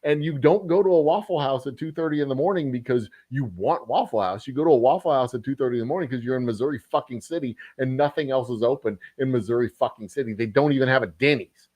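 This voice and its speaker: A man's voice: mid-range voice, fast, darkish tone, no room sound. A man hosting a casual livestream, telling a rambling, profane story with frequent chuckles. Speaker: distillery host.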